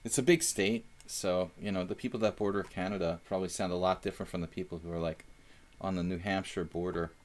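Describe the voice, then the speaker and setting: A man's voice: sits low, steady tone, fast talker. A young man chatting casually while analyzing chess moves on a live stream, thinking aloud with fillers.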